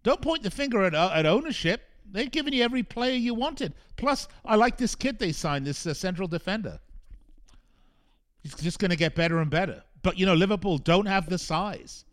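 A man hosts a soccer radio show, ranting in a frustrated, emphatic monologue. His voice sits notably high for a man. He drives each point home by repeating phrases. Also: lively intonation, fairly quick. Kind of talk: opinionated sports talk monologue.

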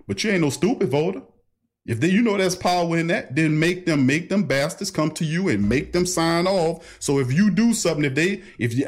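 A middle-aged man, hosting a casual call-in livestream in an animated, preachy way full of street slang. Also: a little high. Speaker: livestream talk host. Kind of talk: casual call-in talk stream.

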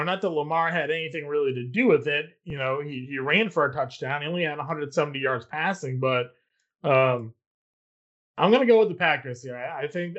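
A man's voice: a little high, a bit bright, dull audio. A man co-hosting a casual sports betting talk, reasoning through picks with many fillers. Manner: measured, filler-heavy reasoning. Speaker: sports betting podcast co-host.

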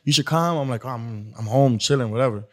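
This man, a skit creator appearing as a guest on an interview show, talks fast in a medium-pitched voice. His long, rambling story is casual and filler-heavy, and he animatedly acts out the quotes.

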